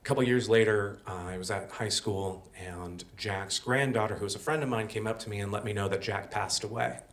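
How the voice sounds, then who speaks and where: A man's voice: fairly low pitch, a little fast, recorded from a distance. Casual young man telling a story on stage. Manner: casual, self-deprecating, many fillers. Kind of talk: live personal storytelling. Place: stage at a live storytelling show.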